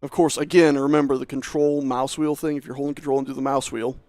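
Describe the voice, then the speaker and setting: In a dry recording, a man speaks fast in a medium-pitched, darkish voice with a level tone. He's streaming a building game, keeping up a casual running commentary, chatting to himself and cracking jokes about himself.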